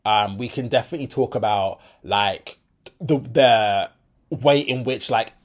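A young man hosting a solo podcast, his accent shifting between Birmingham and London. He talks frankly and rambles, with lots of fillers and false starts, at an ordinary mid pitch for a man. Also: measured pace. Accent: switches between Birmingham and London. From English Midlands. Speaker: podcast host. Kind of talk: solo opinion monologue.

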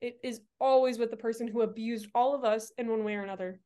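A young woman speaking as a podcast guest, earnest and emphatic, repeating her points to make them clear. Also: a little high, fairly even intonation, fast talker, mellow. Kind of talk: casual chat.

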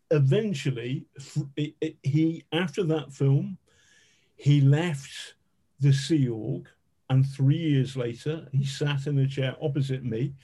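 Man, journalist, storytelling with a mellow, dark tone, lively and profane. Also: a little high, breathy edge. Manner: lively, swearing, self-mocking storyteller. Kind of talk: conversational anecdote.

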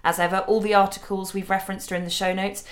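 A woman's voice: mid-range voice, flat delivery, quick pace. A woman podcast host wrapping up in a breezy, light-hearted way. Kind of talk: casual chat.

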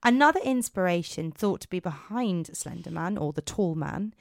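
A woman hosting a podcast, chatting casually and reading folk tales aloud in a relaxed storytelling manner. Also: lowish voice, normal speed, vocal fry, no room sound, studio quality. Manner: relaxed storyteller, reading with small slips and asides. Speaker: podcast host. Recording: noisy podcast recording.

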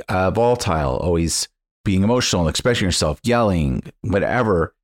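Deep-voiced man, halting podcast co-host. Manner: reflective, candid, halting. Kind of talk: casual podcast chat.

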